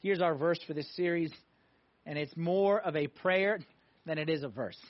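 A man preaching a sermon to a congregation, emphatic, swinging between loud pushes and hushed moments. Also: on the high side, normal speed. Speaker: pastor. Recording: dull lo-fi sound.

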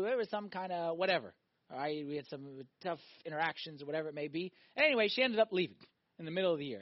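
Male pastor, middle-aged, higher voice; animated sermon delivery, loud peaks and hushed asides, dry close sound. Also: no room sound, highs cut off. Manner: animated, swings between loud emphatic and quiet reflective delivery.

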